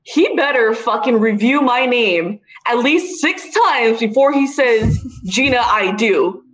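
A woman telling a story in casual chat, animated and profane, often laughing. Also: a little high, unhurried.

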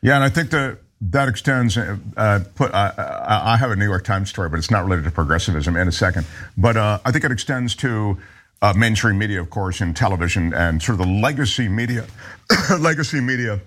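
A man's voice: fairly low pitch, animated, fairly quick, a bit bright. A man co-hosting a casual political podcast, easygoing and a bit hesitant with fillers. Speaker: podcast co-host.

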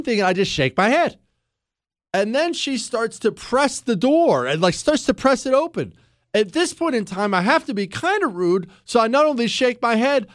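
A man's voice: sits high, no room sound. Talk radio guy, voice jumps all over the place, chatty and fired up, dry studio sound. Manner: animated, laughs at own stories, emphatic rhetorical questions. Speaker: radio talk show host. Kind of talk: casual on-air storytelling and commentary.

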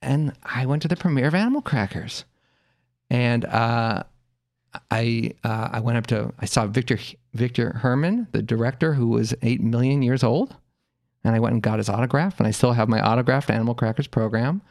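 A man casually telling a childhood anecdote, animated and quick to laugh, jumping into the voices of the people he quotes. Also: medium pitch, creaky. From Los Angeles area. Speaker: podcast guest telling a story. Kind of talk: casual storytelling.

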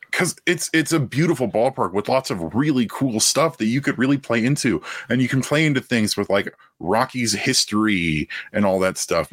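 A man's voice: lowish voice, a bit bright, no echo, studio quality. A young man co-hosting a casual sports podcast, riffing animatedly on ideas. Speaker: podcast co-host.

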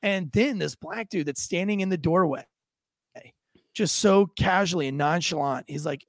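A man's voice: high-pitched, normal speed, no echo, clean studio sound. A man co-hosting a podcast, telling a story casually and animatedly, acting out quotes with lots of fillers. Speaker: podcast co-host, former police officer.

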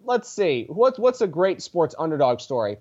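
Lively rambling sarcastic man. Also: on the high side, normal speed. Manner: rambling, sarcastic, full of tangents. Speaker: podcast guest. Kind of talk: casual podcast chat. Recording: dull lo-fi sound.

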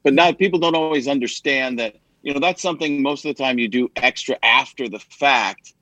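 A man's voice: mid-range voice, a little fast, no echo. A man, a guest comedian and impressionist, chatting casually and telling stories while slipping into voices. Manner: animated storyteller who slips into voices. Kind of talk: casual chat.

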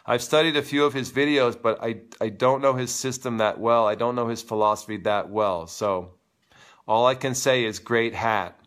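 A man's voice: medium pitch, normal speed. A man hosting a live tennis show, talking casually and with strong opinions while he answers viewer comments. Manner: animated, opinionated, teasing.

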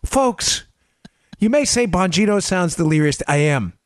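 Exasperated, lively-voiced male podcast host. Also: high-pitched, fairly quick, no room sound, clean studio sound. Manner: exasperated, sarcastic, rambling with restarts. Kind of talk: political commentary show.

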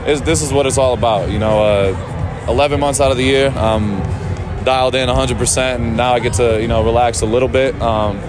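A man, a football player, answering media questions outdoors after practice in a relaxed, halting way with many fillers. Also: mid-range voice, music in the background.

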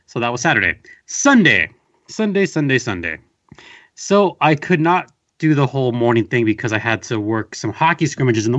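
A man's voice: medium pitch, fairly bright tone, highs cut off. A man from Southern California chatting casually on a podcast, telling a rambling, wry story full of fillers. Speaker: podcast host guest. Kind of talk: casual chat.

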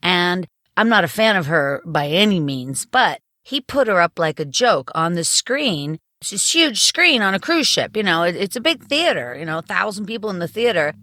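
A woman comedian as a podcast guest, telling candid stories in lively, casual conversation. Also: on the low side, moderate pace, few pauses, dry recording, studio quality. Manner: animated storyteller, candid. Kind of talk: casual interview chat.

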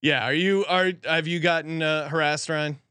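A man co-hosting a podcast in a studio, telling stories in an animated way and laughing often. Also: on the high side, normal speed, clean tone, no room sound. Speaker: podcast co-host. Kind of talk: casual sports betting chat.

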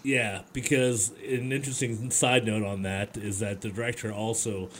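A man's voice: lowish voice, steady tone, normal speed, slight background noise. A man hosting a podcast, asking probing, leading questions in a casual conversational way. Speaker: podcast host. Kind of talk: casual interview chat.

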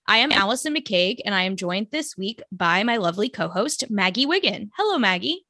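Bright-voiced laughing woman podcast host. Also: medium pitch, very animated, a little fast, no room sound, studio quality. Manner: laughing, rambling storyteller. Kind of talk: casual chat.

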